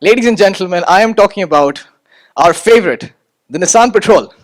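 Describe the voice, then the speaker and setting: A young man in his twenties from India, giving an animated motivational talk on stage with rhetorical questions. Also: sits high, a little fast. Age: 20s. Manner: animated, rhetorical, repeats words when starting. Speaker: student speaker.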